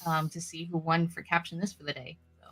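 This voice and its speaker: A woman's voice: low voice, flat delivery, brisk, a bit bright. A woman co-hosting a casual talk show who laughs often while reading viewer comments aloud. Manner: giggly, reads chat comments aloud. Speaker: co-host. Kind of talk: casual chat.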